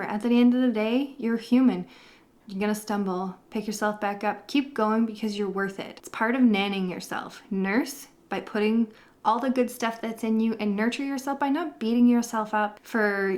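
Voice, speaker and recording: A woman's voice: mid-range voice, a little mellow. Encouraging woman vlogging to camera. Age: 30s. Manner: encouraging, rambling, talks in circles. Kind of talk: casual to-camera vlog.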